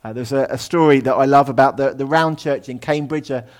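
A man preaching a conversational sermon in a lecture room, full of ums and asides, often dropping his voice low. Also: steady tone, fairly quick.

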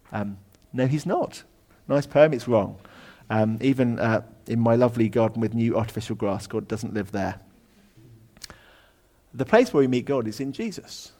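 Chatty preacher, conversational sermon. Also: male voice, medium pitch, animated, moderate pace. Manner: conversational, with many ums and asides, dropping to a hush at times. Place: lecture room.

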